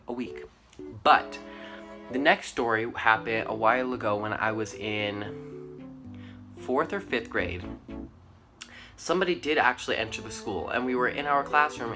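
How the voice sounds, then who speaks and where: A teenage boy telling school stories to his channel in a rambling, casual way, full of "like" and "um". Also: lowish voice. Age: teens. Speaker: vlogger. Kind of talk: casual storytelling to camera.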